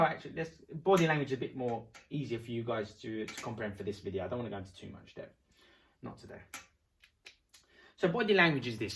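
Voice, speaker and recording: Guy coach chatting about body language, animated, acts out little convos. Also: medium pitch. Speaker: self-help coach. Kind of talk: casual teaching talk.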